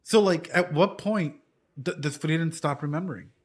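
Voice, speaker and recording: A man's voice: a little high, normal speed. Rambling, casual man telling a fight story. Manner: rambling storytelling, swearing, lots of "dude" and "right?". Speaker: reaction streamer and martial arts coach. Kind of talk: casual chat reacting to anime.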